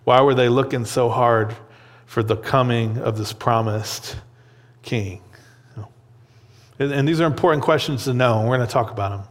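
A man teaching a Bible lesson in an easy, talky way. He keeps asking "right?" and "okay?" and doubles words as he goes. His voice sits at an ordinary middle pitch and trails a long reverb, like in a big hall. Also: moderate pace, pauses often. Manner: conversational, checks in with "okay?" and "right?"; repeats words while thinking.

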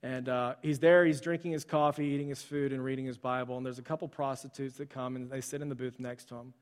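Male pastor mid-sermon, casual storyteller with ums and restarts, mid-pitched, recorded in a reverberant church hall. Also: fairly even intonation, fast. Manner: conversational, with frequent fillers and restarts.

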